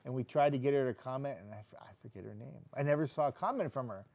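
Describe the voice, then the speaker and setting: A middle-aged man hosts a casual weather live stream at an ordinary mid-range pitch. He reads viewer comments aloud and answers them in a loose, joking way, often stopping and starting his sentences. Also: fast, creaky, few pauses, darkish tone. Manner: chatty, loose, jokey, with frequent restarts. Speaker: TV meteorologist hosting a live stream.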